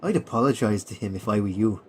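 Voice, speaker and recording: A man's voice: on the low side, lively intonation, fast, background noise, close to an everyday voice. A man voicing a dry, sardonic Irish soldier.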